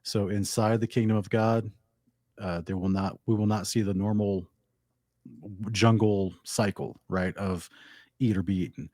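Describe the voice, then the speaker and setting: Man, podcast guest, Bible teacher, measured, explanatory, low voice, dry sound. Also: fairly even intonation, dark tone, no room sound. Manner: measured, explanatory, quotes verses. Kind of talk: casual chat, explaining scripture.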